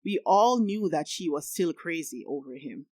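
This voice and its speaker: Audiobook narrator: a woman with a low voice, steady first-person read, dry close sound. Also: moderate pace, no echo.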